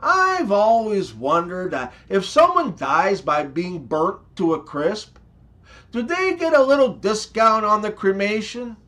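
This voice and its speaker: A man telling jokes with a high, bouncing voice that swings up and down a lot. He takes his time, pausing before each punchline, in a slow, unhurried delivery. It sounds like a scripted comedy channel host. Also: sing-song, sharp tone, soft background music.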